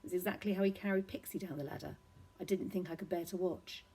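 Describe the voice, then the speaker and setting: Give me a woman reading a children's novel, low and mellow, a touch husky. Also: fairly even intonation, fast talker, poor audio. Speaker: reader.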